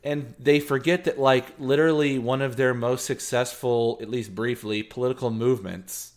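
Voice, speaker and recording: A man's voice: mid-range voice, fairly even intonation, normal speed. A man in casual podcast chat, talking animatedly with lots of fillers, swearing and laughs. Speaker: podcast co-host.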